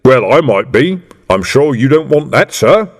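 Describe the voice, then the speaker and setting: Vimes, a man playing a dry, gruff police sergeant. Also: mid-range voice, sing-song, measured pace, voice pushed up. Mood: mock-formal. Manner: dry, mock-official copper talk. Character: gruff streetwise middle-aged male police sergeant. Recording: reverberant room.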